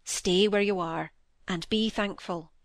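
A woman's voice: mid-range voice, fairly even intonation, takes it slowly, no room sound. A woman doing a brusque old-fashioned doctor. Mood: stern. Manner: curt and dryly teasing. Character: brusque, teasing middle-aged country doctor father.

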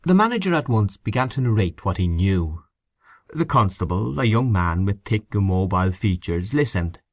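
A man giving a measured, expressive reading of a short story as its narrator. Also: on the low side, no echo. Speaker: audiobook narrator.

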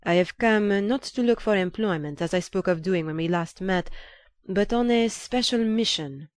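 A woman voicing an earnest, humble young Frenchman who speaks with quiet, pleading insistence. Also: medium pitch, moderate pace, no echo, close to an everyday voice.

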